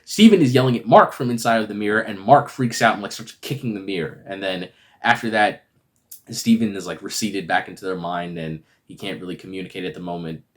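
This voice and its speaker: A man's voice: low-pitched, brisk, fairly bright tone. A man giving a casual, rambling review that recaps a TV episode and is full of fillers. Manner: rambling, filler-heavy retelling. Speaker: video reviewer.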